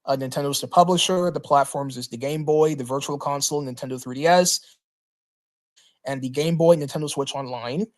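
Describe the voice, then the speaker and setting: A man hosting a livestream, reading through a list in a casual, halting way with lots of "uh" fillers and restarts. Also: a little high. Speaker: livestream host.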